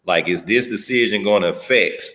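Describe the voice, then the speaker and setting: Deep-voiced man giving earnest advice. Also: moderate pace, sharp tone, big-room sound. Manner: earnest, advising. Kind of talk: casual talk.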